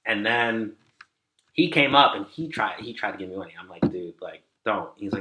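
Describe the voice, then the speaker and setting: A man's voice: lowish voice, animated, normal speed, echoey room, background noise. A man guest on a podcast, telling a story casually, rambling with lots of "like" and acting out what people said. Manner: rambling, many "like" fillers, acts out quoted dialogue.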